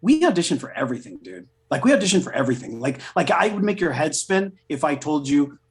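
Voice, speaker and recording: Chatty middle-aged actor telling stories. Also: male voice, fairly high pitch, fast talker. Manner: chatty, animated, swears freely. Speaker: guest voice actor. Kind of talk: casual storytelling interview.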